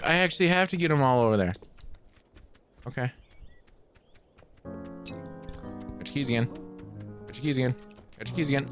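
A man hosting a gaming channel, giving playful, excitable let's play commentary full of trash talk. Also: medium pitch, normal speed, long pauses, faint music behind.

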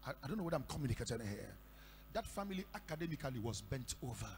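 A Nigerian man preaching a sermon, telling stories and breaking into shouted declarations. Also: medium pitch, sing-song, very fast. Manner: storytelling with sudden shouted declarations. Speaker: pastor. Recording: echoey hall with faint hum.

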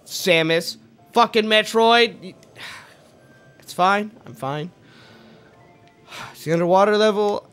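Frustrated high-voiced gamer man. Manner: swings from mumbling to frustrated shouting, swears freely. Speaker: let's play host. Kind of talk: casual gameplay commentary.

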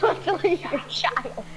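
A woman bantering and cursing while playing a video game, teasing and breaking into shouts. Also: very high voice. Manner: profane, teasing, bursts into shouts. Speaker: gamer. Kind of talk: casual gaming banter. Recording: loud game noise behind voice.

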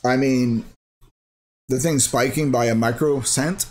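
A man's voice: mid-range voice, steady tone, unhurried, pauses often, a little hiss or hum. A man hosting a crypto mining channel, thinking aloud in a rambling, sarcastic way while clicking through his screen. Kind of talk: casual screen-share commentary.

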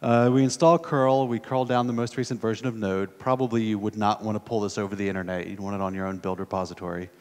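American guy demoing code on stage, lowish voice, big hall echo. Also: level tone, fast talker, hardly any pauses, a little mellow, smooth. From United States. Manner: casual, thinking aloud while typing, many fillers. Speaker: conference speaker. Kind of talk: live coding demo talk. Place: conference hall. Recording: long hall reverb from a conference room.

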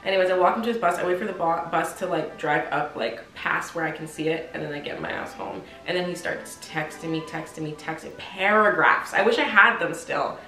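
A woman in her twenties telling a casual storytime, animated and slangy, acting out the dialogue. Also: lowish voice, brisk, few pauses. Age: 20s. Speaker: vlogger. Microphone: compact camera mic. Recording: roomy sound with faint music.

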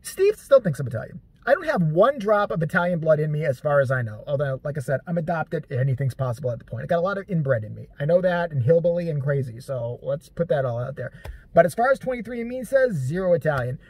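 Husky profane joking storyteller. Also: medium pitch, lively intonation, fast talker, a little mellow, no room sound. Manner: profane, joking, rambling, self-deprecating. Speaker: vlogger. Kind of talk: casual storytelling monologue.

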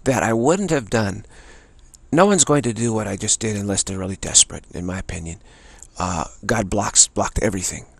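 A man giving an earnest spiritual teaching talk, repeating phrases and softly chanting a mantra. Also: fairly low pitch, animated, normal speed, vocal fry, husky, no echo.

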